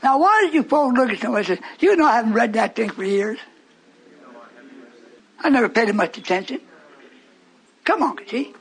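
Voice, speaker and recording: Male preacher, very high husky voice, fervent, repeats himself for emphasis. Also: lively intonation, a little fast, pauses often. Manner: fervent, repetitive, quoting scripture. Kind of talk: sermon.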